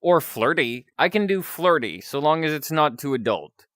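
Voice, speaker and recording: A man's voice: on the high side, sing-song, normal speed, a bit bright, no echo. A talkative male streamer going over viewer requests in an easygoing way, laughing at himself as he goes. His voice moves up and down a lot, and the sound is dry and close to the mic. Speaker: streamer taking chat requests. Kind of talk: casual chat.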